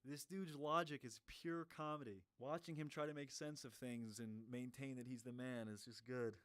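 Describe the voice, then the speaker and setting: A man's voice: medium pitch, steady tone, normal speed, fairly bright tone, no room sound. A man giving reaction commentary in a profane, mocking way. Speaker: commentary streamer.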